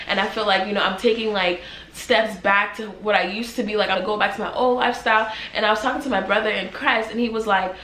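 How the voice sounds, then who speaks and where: A woman's voice: medium pitch, steady tone, fast, fairly bright tone. A young woman vlogger giving an earnest, emotional faith testimony, rambling and unscripted with many fillers. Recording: echoey room with faint background noise.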